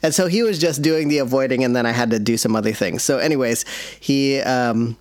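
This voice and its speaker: A man speaks at an ordinary middle pitch, recorded dry and close with no room around him. He chats casually and tells an animated story, acting out the other voices in it. He sounds like a podcast co-host. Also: fairly quick, no echo. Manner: animated storyteller who acts out quotes. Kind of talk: casual chat.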